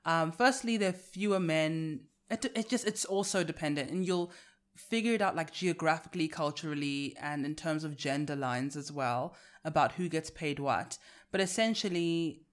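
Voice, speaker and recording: A South African woman with a South African accent, co-hosting a podcast in candid, animated casual chat. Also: deep voice, moderate pace. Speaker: podcast co-host.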